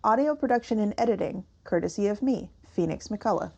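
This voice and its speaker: A woman's voice: mid-range voice, lively intonation, brisk, gravelly, a little mellow, slightly rough, lo-fi sound. A woman co-hosting a podcast in casual chat, laughing often. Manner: giggly, laughs a lot. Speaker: podcast co-host.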